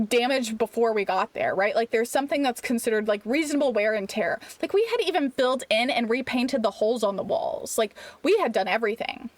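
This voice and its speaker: Young woman game streamer, pitched a touch high, rambling and animated; casual live-stream storyteller. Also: dry recording. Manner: animated, rambling, heavy use of "like".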